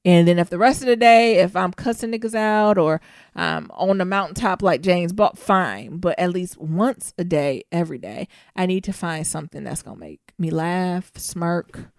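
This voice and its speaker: A woman's voice: on the low side, moderate pace, clear, resonant tone, no echo, studio quality. A woman co-hosting a podcast, talking candidly and animatedly, often turning to speak straight to her listeners. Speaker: podcast co-host. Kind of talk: casual chat.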